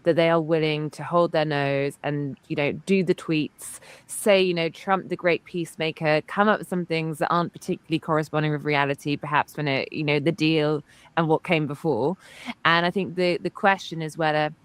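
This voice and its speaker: A woman with a low, smooth, clear voice joins the political talk as co-host. She builds on the discussion fluently and conversationally, dropping in the odd "you know". The recording is dry and close. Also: fairly even intonation, moderate pace, dry recording. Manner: fluent, adds points with frequent 'you know'. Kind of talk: political commentary chat.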